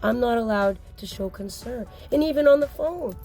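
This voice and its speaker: A woman's voice: on the high side, expressive, normal speed, dark tone, faint music behind. A woman talking to camera as a mother speaking out, upset, insistent and blunt, with occasional swearing. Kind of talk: emotional personal vlog.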